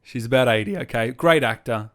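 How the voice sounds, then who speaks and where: A man co-hosting a casual movie podcast, blunt and scornful as he picks a film apart. He laughs often between jabs. His voice sits at an ordinary middle pitch. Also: fairly quick, a bit bright. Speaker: podcast co-host. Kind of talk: casual film review chat.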